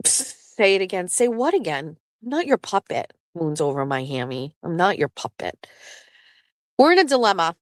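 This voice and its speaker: A woman from southeastern Massachusetts hosts a show with a lowish voice and no room sound. She chats casually and rambles, swearing freely and often breaking into laughter in a lively manner.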